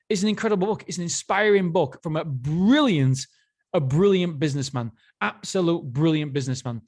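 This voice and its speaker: A man hosting a casual solo book review, enthusiastic and rambling, often restarting his sentences. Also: a little high. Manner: enthusiastic, rambling, self-interrupting. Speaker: podcast host.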